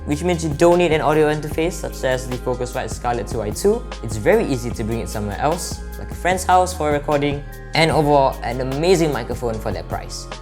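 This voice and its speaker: Male reviewer, mid-pitched, chatty and explanatory, close-miked with faint music bed. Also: animated, brisk, hardly any pauses. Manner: explanatory, chatty, addresses viewers as you guys. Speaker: tech reviewer. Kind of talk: casual product review. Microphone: close studio microphone.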